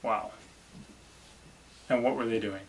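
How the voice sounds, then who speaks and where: A man's voice: mid-range voice, steady tone, takes it slowly, husky. A man, a family vlogger chatting casually and encouragingly about his children. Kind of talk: casual chat.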